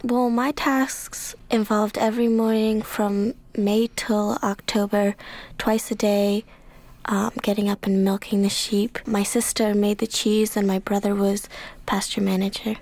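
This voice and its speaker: A woman in her twenties, a college student, answering interview questions in a soft, plain way. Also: medium pitch, level tone, unhurried. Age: 20s. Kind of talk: radio interview.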